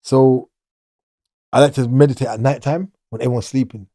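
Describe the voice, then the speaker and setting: A man's voice: medium pitch, fairly even intonation, moderate pace, warm tone, no echo, clean studio sound. A middle-aged man, talking casually as an interview guest, rambling and restarting his sentences. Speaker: guest, former prisoner.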